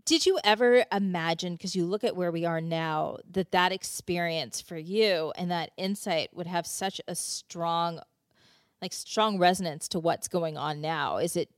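A woman hosting an interview, explaining things in a measured way. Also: fairly low pitch, no echo, clean studio sound. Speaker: host, former CIA officer. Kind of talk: podcast interview.

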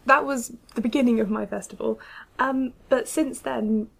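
A woman's voice: on the high side, fairly even intonation, normal speed, creaky, husky. A woman co-hosting a podcast, chatting casually with plenty of fillers and hedges. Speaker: podcast co-host. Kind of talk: casual chat.

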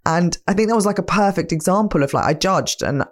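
A woman's voice: lowish voice, animated, brisk. A woman hosting a podcast, telling a personal story in an earnest, reflective motivational monologue. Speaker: podcast host.

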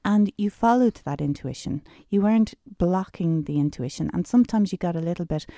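A woman's voice: fairly low pitch, a little fast, dark tone, no echo, studio quality. A middle-aged woman hosting a talk, teaching personal development in a casual, explanatory way and repeating words for emphasis.

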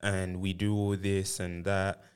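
A man's voice: deep voice, level tone, a little slow, clear, resonant tone. A man, co-hosting a podcast and arguing his point in a casual, reasoned way. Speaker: podcast co-host. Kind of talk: casual chat.

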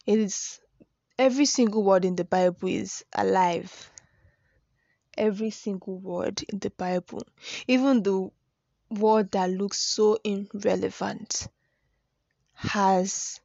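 A woman's voice: mid-range voice, a little mellow, no echo. A woman talking earnestly and conversationally as she shares a personal devotional reflection. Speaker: devotional speaker. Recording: dull lo-fi dry recording.

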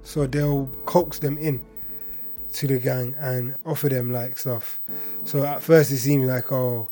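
A young man from East London with a local accent, quietly telling a personal story in a reflective way, often trailing off at the ends of his lines. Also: medium pitch, steady tone, measured pace, soft background music. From Hackney, East London. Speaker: interviewee.

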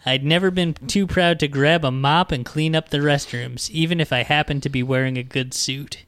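A man's voice: on the high side, fairly even intonation, normal speed, fairly bright tone, clear, resonant tone, no room sound. A man in his thirties hosting a podcast, ranting and cursing casually while reading passages from a book aloud. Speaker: podcast host. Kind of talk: casual comedic book discussion.

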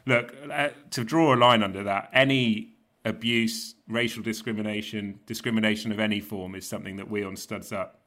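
A man's voice: lowish voice, fairly even intonation, fairly quick, a bit bright. A man hosting a casual sports podcast, chatty, laughing often as he steers the talk. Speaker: podcast host.

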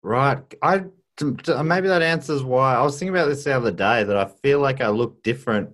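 A man's voice: medium pitch, a little fast, fairly bright tone. An Australian man with a Melbourne accent, chatting casually as a podcast co-host, curious and joking, asking many questions. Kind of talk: casual chat.

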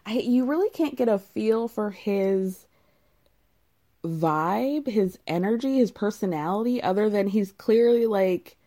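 A woman's voice: medium pitch, lively intonation, unhurried, mellow. A young adult woman recapping a reality show in casual, wry chat, laughing often.

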